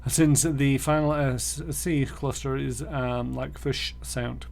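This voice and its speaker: A man's voice: mid-range voice, steady tone, slow, gravelly, a little mellow, a little hiss or hum. A man streaming a role-playing game, reading its text aloud, stumbling over words and mocking himself.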